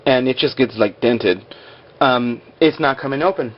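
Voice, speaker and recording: A man's voice: medium pitch, normal speed, muffled recording, a little hiss or hum. Chatty man rambling through a recap. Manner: chatty, rambling, full of "like" and acted quotes. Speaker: episode recapper. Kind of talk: casual TV episode recap over stick-figure drawings.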